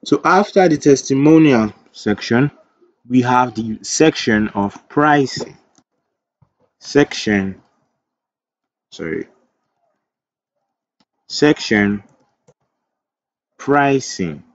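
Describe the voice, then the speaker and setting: A man's voice: medium pitch, expressive, drawn-out words, long pauses, no room sound, highs cut off. A man teaching web development in a screen-recorded coding tutorial. He thinks aloud as he types, corrects himself, and drifts into chatty asides.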